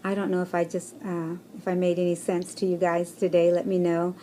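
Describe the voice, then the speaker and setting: A woman's voice: fairly low pitch, flat delivery, a little fast, a little hiss or hum. A woman talking casually to her viewers in a personal vlog, rambling and encouraging, with many fillers. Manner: chatty, rambling, with fillers and soft laughs; encouraging, speaks to viewers directly. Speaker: vlogger.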